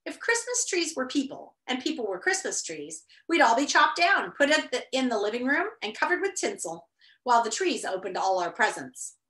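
A woman's voice: fairly high pitch, big pitch swings, normal speed, a bit bright. A woman voicing an odd, breezy boy who muses in a matter-of-fact way, in a roomy echo. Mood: musing.

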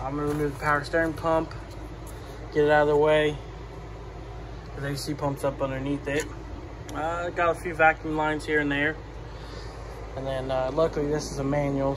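Working on a vehicle in his home garage, this vlogger narrates as he goes, rambling with plenty of fillers and occasionally short of breath. He speaks on the high side, and background noise is audible in this casual work-along clip.

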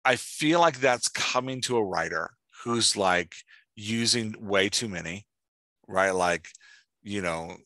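Animated low-voiced man coaching writers. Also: slow pace, no echo. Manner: animated, lots of "like" and "right?", reads examples aloud. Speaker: podcast host, writing coach. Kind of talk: casual explanatory chat.

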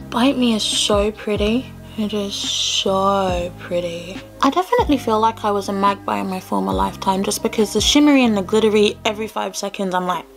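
A woman's voice: on the high side, creaky. A young woman chatting casually through a makeup tutorial at home, self-deprecating and full of rambling asides. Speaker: beauty vlogger. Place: home room, indoors. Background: faint background music.

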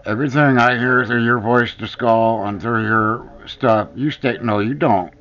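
A man rants angrily and profanely into the camera as a vlogger, repeating his accusations to hammer them home. The audio is dull and lo-fi, and his medium-pitched voice is unhurried with a fairly bright tone.

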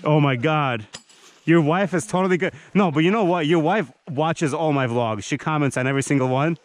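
A man's voice: fairly high pitch, brisk. A man hosting a casual camping vlog in a forest, teasing his friends and talking in a rambling, joking way. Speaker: vlogger. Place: outdoors in a forest campsite.

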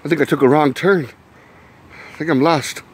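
A man's voice: fairly high pitch, steady tone, a little slow, slight background noise. A man acting out a spoof horror reaction, swearing and exclaiming in mock panic. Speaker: comedy YouTuber.

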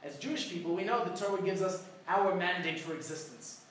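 A man's voice: sits high, animated, brisk, a bit bright, slight background noise. A rabbi teaching a conversational Torah class, putting rhetorical questions to his listeners and telling jokes. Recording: very echoey room, mic far off.

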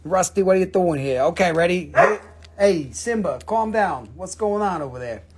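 A man hosting a live-stream crystal auction in casual chat, excitable and joking, swearing freely. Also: high voice, normal speed, slight background noise.

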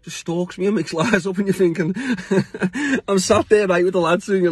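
A man's voice: sits high, normal speed, breathy edge, dry recording. A middle-aged man with a British accent, ranting bluntly to camera in a casual vlog, swearing freely and laughing often between points. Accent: British English. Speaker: vlogger.

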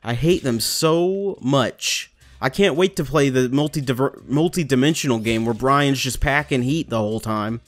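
A man's voice: medium pitch, moderate pace. A young man giving let's play commentary, frustrated and swearing as he rants about the game. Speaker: gamer.

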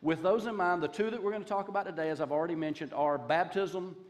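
A man's voice: sits high, quick pace. A man as guest pastor, preaching a sermon in a conversational way, trailing off and restarting his sentences.

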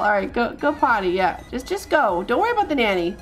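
A woman's voice: fairly high pitch, very animated, normal speed, faint music behind. A woman streaming a life-simulation game, chatting and bossing her characters around with lots of laughs and stumbling repeats. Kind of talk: live gameplay commentary.

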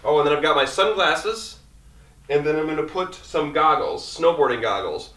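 A man's voice: on the high side, expressive, a bit bright, far from the mic. Rambling man in an echoey room. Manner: quick, rambling, talking fast on coffee. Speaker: outdoor vlogger. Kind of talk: casual gear walkthrough. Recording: echoey room, mic set back.

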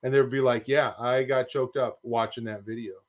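A man's voice: medium pitch, steady tone, a little fast. A man co-hosting a casual reaction podcast, rambling with lots of fillers as he talks. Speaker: podcast co-host.

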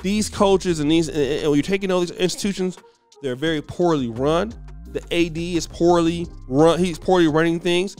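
A man's voice: fairly high pitch, moderate pace, darkish tone, clear, resonant tone, soft background music. A man hosting a commentary show, talking emphatically and repeating words as he makes his point. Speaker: commentary host. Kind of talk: casual commentary.

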